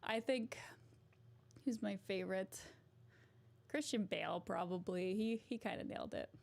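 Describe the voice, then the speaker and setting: A woman's voice: medium pitch, a little slow, vocal fry, darkish tone. A young woman hosting a casual livestream, chatty and giggly as she talks to her viewers. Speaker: livestream host.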